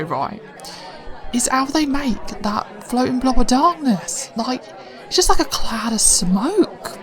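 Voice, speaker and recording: A woman's voice: a little high, fairly bright tone. A woman playing an impressed theatregoer in a comic sketch, chatting casually and rambling. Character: enthusiastic female theatregoer, chatty.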